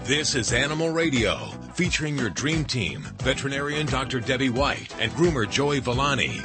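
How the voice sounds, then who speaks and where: A man's voice: mid-range voice, expressive, moderate pace, few pauses. A man giving a polished, scripted introduction to a radio show. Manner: polished announcer delivery. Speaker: show announcer. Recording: over loud music.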